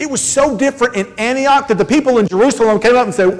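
A man preaching a sermon in a church, conversational and joking with quick asides. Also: extremely high pitch. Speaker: pastor. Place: church sanctuary. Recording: long hall reverb.

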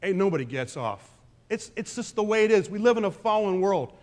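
A pastor preaching a conversational sermon, swinging between loud emphasis and quiet asides. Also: male voice, sits high, lively intonation, brisk. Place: church sanctuary.

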